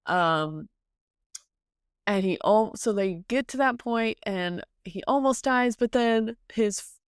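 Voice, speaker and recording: A woman co-hosting a podcast, chatting casually and hesitantly with lots of ums, retelling a story and popping into high voices for the characters. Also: takes it slowly, clear, resonant tone, no room sound, clean studio sound. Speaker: podcast co-host. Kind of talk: casual book-discussion chat.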